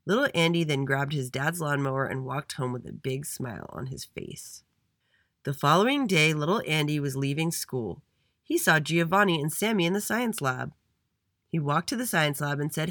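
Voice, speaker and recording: A man reading a children's story aloud with an expressive delivery. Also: on the high side, moderate pace, no echo, studio quality.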